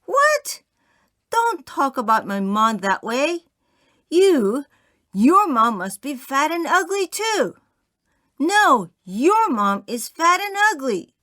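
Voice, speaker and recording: A woman voicing a young boy who shouts back indignantly. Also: high-pitched, very animated, slow pace, pitched above the performer's own voice, full character voice.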